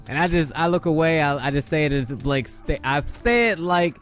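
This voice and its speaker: A man's voice: a little high, normal speed, a bit bright, faint music behind. A young man, a gaming YouTuber, telling a boastful, profane, rambling story in casual talk into a desk mic. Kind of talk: casual storytelling over gameplay.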